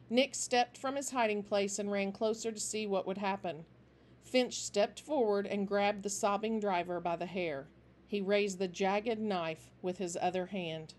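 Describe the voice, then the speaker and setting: A woman reading a children's novel aloud in a steady, expressive way. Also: medium pitch, a little slow. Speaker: storybook reader.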